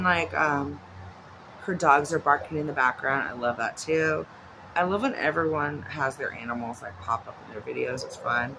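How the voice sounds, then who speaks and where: A woman with a low-pitched, creaky voice vlogs casually at home, chatting and rambling off into asides while her dog is nearby. Background noise can be heard.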